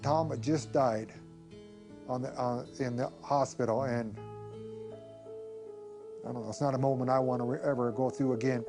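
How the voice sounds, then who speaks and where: A man's voice: medium pitch, steady tone, moderate pace, long pauses, music in the background. A man in a documentary interview, recalling a death hesitantly and with pain.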